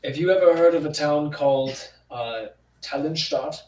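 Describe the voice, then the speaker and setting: In a tabletop role-play, a man talks in character with a fairly high, slightly mellow voice at a moderate pace. He rambles and hesitates, full of fillers, and the recording sounds roomy and distant with faint noise.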